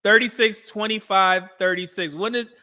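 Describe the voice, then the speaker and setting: A man's voice: high voice, fairly even intonation, moderate pace, pushed and bright, clear, resonant tone. A man hosting a casual live stream, reacting to old dating show clips, laughing often and reading out chat messages.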